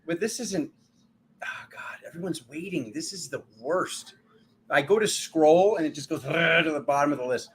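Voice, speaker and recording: A man doing tarot readings in a casual, rambling live stream, chatty and quick to poke fun at himself. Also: on the high side, a little hiss or hum, poor audio. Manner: chatty, rambling, self-mocking. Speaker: tarot reader.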